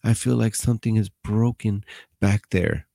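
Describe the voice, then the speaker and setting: A higher, strained, pleading voice of a distressed male inmate, as a man puts him on. It sounds gravelly and husky, recorded close and dry with no room echo. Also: normal speed, dark tone. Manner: pleading, upset, mixes Spanish and English.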